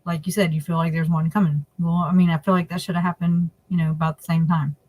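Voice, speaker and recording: A woman's voice: fairly low pitch, level tone, fast, a little mellow, poor audio. Chatty, opinionated woman co-hosting a livestream. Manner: chatty, laughing asides, opinionated. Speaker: livestream co-host. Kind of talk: casual chat.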